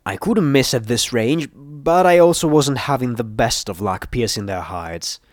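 A man reading a first-person adventure story aloud in a steady, measured way. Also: mid-range voice, no room sound, studio quality. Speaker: audiobook narrator.

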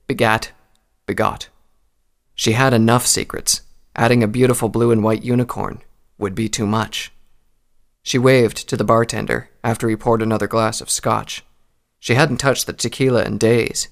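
A man reading a story aloud in a calm, measured narration. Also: mid-range voice, creaky.

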